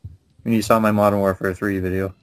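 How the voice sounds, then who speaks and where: A man's voice: on the low side, little pitch movement, brisk. A man chatting casually about games with a friend, laid-back with short dry replies and chuckles. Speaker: co-host of a gaming channel. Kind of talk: casual ranting chat with a friend.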